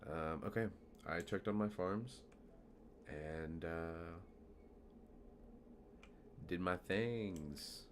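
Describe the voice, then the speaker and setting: A man's voice: low voice, very slow, long pauses, a little hiss or hum. A man streaming a building game, chatting casually and rambling with a self-mocking humor. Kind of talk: casual gameplay commentary.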